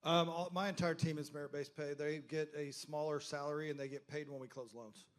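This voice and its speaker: A man's voice: a little high, steady tone, a little fast. A man who runs a loan business, giving matter-of-fact remarks at a workshop. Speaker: guest business owner.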